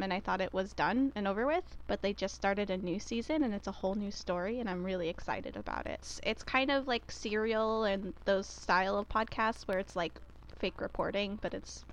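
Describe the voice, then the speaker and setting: A woman's voice: medium pitch, low-quality recording. A woman co-hosting a podcast, talking through a recommendation in an enthusiastic, chatty way. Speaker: podcast co-host. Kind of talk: casual recommendation chat.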